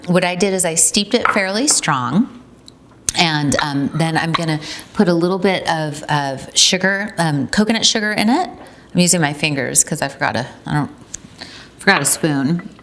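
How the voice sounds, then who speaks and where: A woman's voice: lowish voice, fairly bright tone. A middle-aged woman from Ukraine, the founder of a tea company, demonstrating a recipe in a chatty way with many ums. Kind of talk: casual recipe demo.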